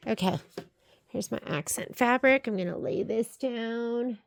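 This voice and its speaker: A sewing and embroidery instructor with a fairly high, creaky voice talks a little slowly as she guides viewers through a sewing project step by step. She's chatty, speaking directly to them as she works. The casual tutorial is set in a sewing shop's sewing room, with faint machine noise behind.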